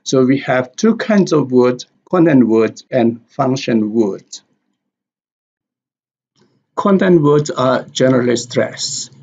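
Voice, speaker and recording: A man teaching a recorded language lesson, walking through examples on slides in a deliberate, repetitive way. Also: mid-range voice, gravelly, darkish tone. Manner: slow, deliberate, repeating examples. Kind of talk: slide-based lecture. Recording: dull lo-fi audio.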